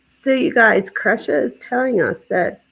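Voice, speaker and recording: Gravelly-voiced woman with a Philly accent. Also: fairly high pitch, a little slow, fairly bright tone, low-quality recording. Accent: Philadelphia. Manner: chatty, effusive. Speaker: livestream host. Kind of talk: reading viewer comments on a livestream.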